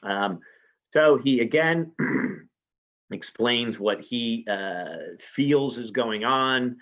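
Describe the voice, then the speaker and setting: A man's voice: mid-range voice, lively intonation, extremely slow, a bit bright. A man teaching a literature lesson in an informal way, often checking in with his listeners by asking "right?". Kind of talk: recorded literature lecture. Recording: slightly muffled lo-fi recording.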